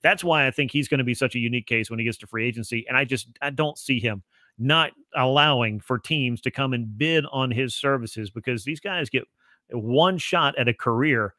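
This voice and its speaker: Man, podcast guest analyst, fluent casual talk, bright forceful voice, dry recording. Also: medium pitch, normal speed, no room sound. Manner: fluent, expansive explanations.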